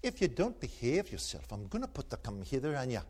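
A man's voice: mid-range voice, wildly swooping pitch, brisk, a little mellow, slight background noise. Man putting on a scolding old Irish granny. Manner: scolding, threatening. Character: stern tiny old Irish grandmother.

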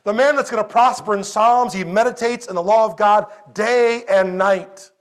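A man preaching a sermon as a pastor at a church service, animated, moving between loud exclamations and quiet storytelling. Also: sits high, normal speed.

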